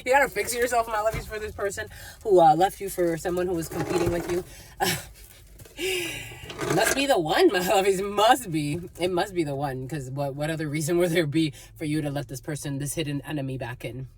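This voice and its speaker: A woman with a somewhat low voice drifts through a channeled tarot reading, free-associating and calling her listeners "my lovies". She keeps breaking into little snatches of song and laughter. A faint noise sits under the recording. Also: fast talker. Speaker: tarot reader.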